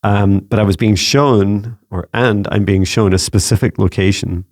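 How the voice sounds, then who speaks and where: A Scottish man relaying psychic messages to viewers in a casual solo talk, halting and searching for words as he goes. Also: fairly low pitch, steady tone, darkish tone. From Scotland. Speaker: psychic mentor answering viewer questions. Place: home with a laptop.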